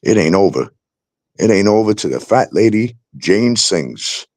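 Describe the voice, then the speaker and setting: Angry, animated New man ranting. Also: fairly low pitch, a little slow, dry recording, studio quality. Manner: heated, swearing, ranting about landlords and cops. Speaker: talk show host. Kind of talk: angry profane rant.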